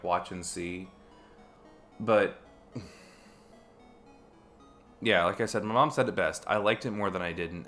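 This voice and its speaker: Gravelly, low-voiced man streaming a game. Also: a bit bright. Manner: rambling, chatty, with frequent restarts. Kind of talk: casual chat while playing a game. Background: faint game music.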